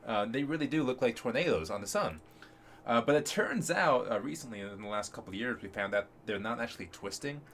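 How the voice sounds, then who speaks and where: A man's voice: medium pitch, expressive, brisk, a bit bright, a little hiss or hum. A man co-hosting a casual podcast, explaining space science with enthusiasm and many fillers. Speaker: co-host.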